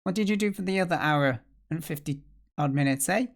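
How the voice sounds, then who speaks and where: A man's voice: a little high, fairly quick. A man hosting a live stream and chatting casually as he works through a tutorial, thinking aloud and joking at his own expense. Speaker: livestream host learning game development. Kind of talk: casual live-stream chat while working.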